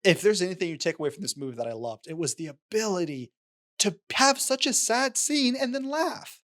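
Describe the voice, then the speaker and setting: A man's voice: sits high, fairly quick. A man co-hosting a podcast, talking casually about a film and acting out lines from its scenes. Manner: animated, retells scenes with quoted lines. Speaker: podcast co-host.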